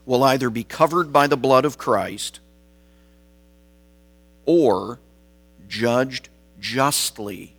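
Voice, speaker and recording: A man preaching a sermon, slow and deliberate, building his points through repeated phrases. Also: medium pitch, a bit bright. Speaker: pastor.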